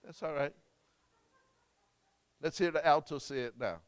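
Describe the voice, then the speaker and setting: A man preaching a call-and-response sermon, prompting the congregation and bursting into shouts. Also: on the high side, fairly even intonation, measured pace, clean tone, dry recording.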